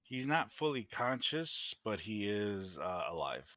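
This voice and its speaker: Bright-voiced man running a tabletop game. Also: lowish voice, sing-song, dry recording, highs cut off. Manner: slow, halting descriptions with fillers. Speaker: dungeon master.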